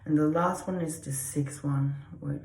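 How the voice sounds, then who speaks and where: A woman's voice: deep voice, steady tone, unhurried, gravelly, a little mellow. A woman giving an unedited, casual explainer talk as a self-styled dog and human psychologist, rambling and repeating herself and swearing for emphasis. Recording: roomy echo.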